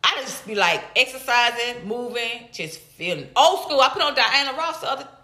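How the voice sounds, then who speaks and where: Bright-voiced woman live-stream host. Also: moderate pace, roomy sound. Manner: animated, greets viewers in high excited bursts. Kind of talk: casual live-stream commentary.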